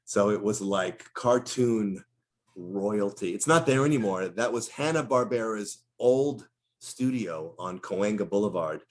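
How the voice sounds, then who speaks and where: Speaking at a measured pace in a lowish register, this middle-aged man recounts anecdotes during a relaxed interview. As a voice actor, he livens up his stories by dropping into character voices.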